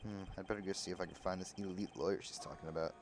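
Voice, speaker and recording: A man playing through a story game and commenting casually, with an offhand swear now and then. His voice sits low. Faint music plays behind him. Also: fairly even intonation, racing, gravelly. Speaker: game streamer. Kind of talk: let's play commentary.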